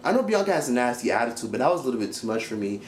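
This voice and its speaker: A young man casually reviewing a reality show, blunt and profane, talking in an animated way. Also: mid-range voice, very fast, echoey room, a little hiss or hum. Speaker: YouTube commentator.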